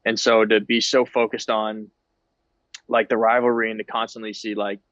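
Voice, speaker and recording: A man's voice: lowish voice, little pitch movement, normal speed, a bit bright, no room sound, dull audio. A man in his thirties, a guest on a podcast, talking in an easygoing, self-deprecating way. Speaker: guest ballplayer. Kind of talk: casual interview chat.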